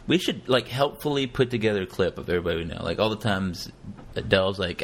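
A man's voice: on the low side, fast talker. A man hosting a podcast, chatting casually and joking, laughing often. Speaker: podcast host.

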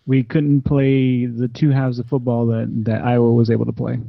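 A man's voice: medium pitch, level tone, moderate pace, gravelly, no room sound, narrow, tinny audio. A man co-hosting a casual sports podcast, giving short remarks that agree with his partner. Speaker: podcast co-host.

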